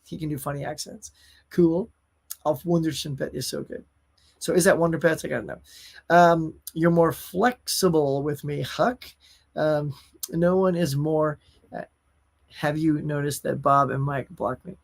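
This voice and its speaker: A man's voice: on the high side, steady tone, measured pace, creaky. A man hosting a casual live stream, chatting about new movie releases and reading out viewer comments, often calling his viewers y'all. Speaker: host.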